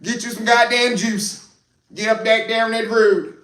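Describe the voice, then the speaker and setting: A man voicing a loud, brash, cursing Texas country man with a put-on drawl. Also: steady tone, a little slow. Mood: boastful. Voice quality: brash, swearing, booming. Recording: roomy echo, distant mic.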